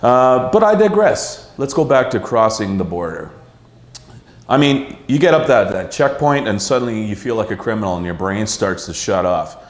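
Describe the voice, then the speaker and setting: A man's voice: fairly low pitch, sing-song, normal speed. A middle-aged man from Canada hosting a casual talk show in a pub, rambling and swearing with many fillers. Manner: rambling, profane, lots of uh fillers. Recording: echoey pub room.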